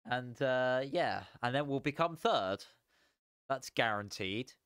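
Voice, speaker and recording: A tired young man chatting casually as a sim racing streamer, relaxed and rambling with frequent chuckles. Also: mid-range voice, takes it slowly, smooth, dry recording, clean studio sound. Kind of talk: casual live stream chat.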